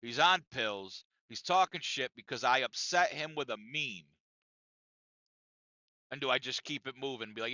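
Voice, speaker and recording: A man's voice: mid-range voice, very animated, normal speed, bright, forceful tone, no echo, muffled recording. A man co-hosting a podcast, telling a story in a casual, profane and emphatic way that often circles back on itself. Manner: profane, emphatic, repeats himself. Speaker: podcast co-host.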